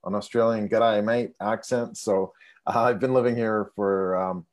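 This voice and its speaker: Man with polished pitch. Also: steady tone, moderate pace. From Canada. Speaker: digital marketing agency owner. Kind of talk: self-introduction pitch on a video call. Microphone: video call.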